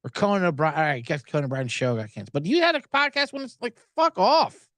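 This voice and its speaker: A man hosting a betting podcast, ranting with heavy sarcasm and plenty of swearing. His voice sits fairly high and swings widely in pitch as he goes. The sound is close and dry, with no room echo. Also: racing. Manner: animated, sarcastic, swears a lot. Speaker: podcast host. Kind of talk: profane sports betting rant.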